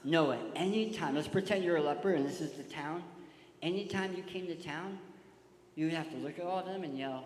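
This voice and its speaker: A man preaching a sermon in a large church hall, animated and pulling a volunteer into the story. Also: fairly high pitch, fairly quick. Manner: animated, shouts cues to a volunteer. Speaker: guest preacher. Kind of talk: sermon with audience participation. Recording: echoey hall, long reverb.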